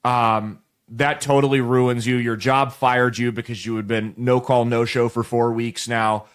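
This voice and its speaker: A man in his late twenties, host of a show, speaks at a measured pace in a clean, medium-pitched voice with little pitch movement. His comedic monologue is a crude, rambling story told right to viewers, with lots of restarts.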